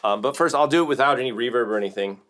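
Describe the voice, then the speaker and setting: Racing along in a mid-range, fairly bright voice, an American man hosts a casual music livestream and teaches drums. He's rambling and jokey, constantly using fillers, restarting and correcting himself.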